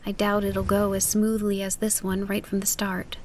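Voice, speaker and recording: A woman voicing a spirited, proud teenage witch girl in an audiobook, with a lively, emphatic manner. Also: medium pitch, normal speed, a little hiss or hum, close to an everyday voice. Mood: resolute. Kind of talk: audiobook character voice.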